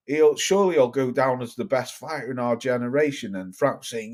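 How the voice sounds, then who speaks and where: A man's voice: medium pitch, brisk. A man from northern England with a northern accent, hosting a casual livestream, reading viewer comments aloud, swearing and laughing a lot. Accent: northern English. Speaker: livestream host reading chat. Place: home, living in the Midlands.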